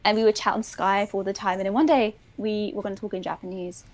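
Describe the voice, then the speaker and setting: A young British woman, a university teacher and language learner, chatting casually on a live stream and filling pauses with "um". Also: mid-range voice, steady tone. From United Kingdom. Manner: chatty, with frequent "um" fillers.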